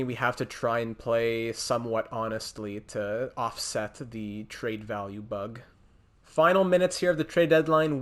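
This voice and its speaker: A young man giving casual, thinking-aloud commentary over a hockey video game as a gaming channel host. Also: medium pitch. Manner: thinks aloud, chatty, restarts and talks to teams. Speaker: gaming YouTuber.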